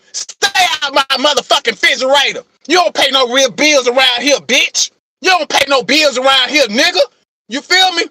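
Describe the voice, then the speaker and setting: High, bright, profane man ranting passionately. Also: no echo, studio quality. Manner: profane, emphatic, repeats "man" and "you know what I'm saying"; calls himself passionate, gets things off his chest. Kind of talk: impassioned motivational rant.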